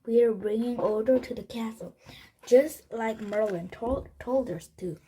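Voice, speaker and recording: A woman voicing a cautious, bookish young boy in a read-aloud storybook, with halting delivery and restarts. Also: fairly high pitch, mellow, a little hiss or hum, natural voice, low-quality recording. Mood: hopeful.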